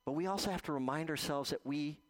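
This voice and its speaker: A man preaching a gentle baptism sermon as pastor, telling stories with slow, drawn-out pauses. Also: fairly high pitch.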